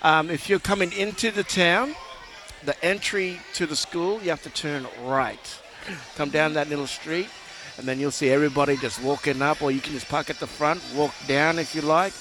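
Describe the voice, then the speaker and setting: A man's voice: fairly high pitch, fairly even intonation, normal speed. A man hosting a live outdoor radio broadcast from a school fair, chatty and jokey with frequent laughter. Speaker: radio host. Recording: loud music behind.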